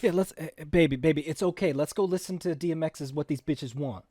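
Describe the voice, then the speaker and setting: A man with a slightly raised voice trades quick jokes with his co-host during casual podcast talk. The recording is dry and close. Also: on the high side, dark tone, no echo. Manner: quick joking interjections. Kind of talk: casual chat.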